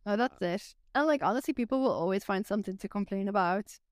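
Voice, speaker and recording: A woman's voice: medium pitch, fast talker, dry recording, clean studio sound. A young woman from Belgium with a Flemish accent, chatting casually as a podcast guest and saying "like" often. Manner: chatty, says "like" a lot.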